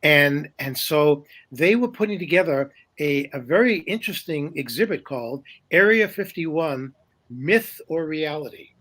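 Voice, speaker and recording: Older man telling stories, slightly high voice. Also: expressive, unhurried, fairly bright tone. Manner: rambling, with many fillers and restarts; chuckles often while telling stories. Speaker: guest, paranormal journalist. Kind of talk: casual interview storytelling.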